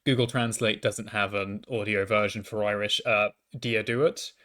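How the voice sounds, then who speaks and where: A man's voice: on the low side, steady tone, normal speed, a bit bright. A young man, a university student, telling a casual storytime monologue into a microphone at home, often stammering and restarting with self-deprecating asides. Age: young adult.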